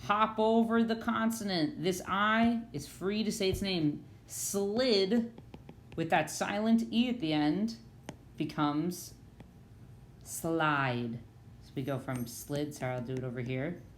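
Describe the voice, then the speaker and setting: Animated woman teaching phonics. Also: sits low, slight background noise. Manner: animated, sing-song teacher delivery. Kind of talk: phonics lesson for children. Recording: echoey room with faint ambience.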